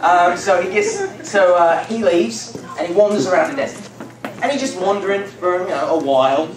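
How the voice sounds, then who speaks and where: A young man with a higher voice tells a Bible story to a youth group at normal speed, rambling, laughing and using plenty of fillers. He's recorded from a distance in an echoey church room, with steady noise underneath.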